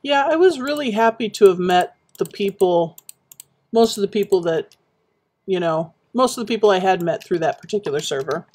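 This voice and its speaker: A woman chatting casually while building in a game, rambling and reminiscing with many pauses and fillers. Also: medium pitch, expressive, darkish tone. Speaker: Minecraft streamer.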